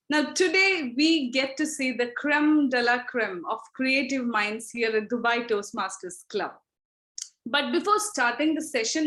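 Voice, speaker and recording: A woman chairing an online contest meeting over a video call, opening it with a lively story. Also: high-pitched, poor audio.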